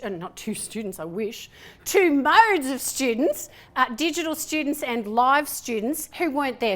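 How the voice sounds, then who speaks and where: A middle-aged woman with a broad Australian accent speaks to a conference audience in a lecture hall. Her voice sits high and she talks in a chatty, animated way, often acting out little exchanges. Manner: chatty, animated, acts out dialogue. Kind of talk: lively conference talk.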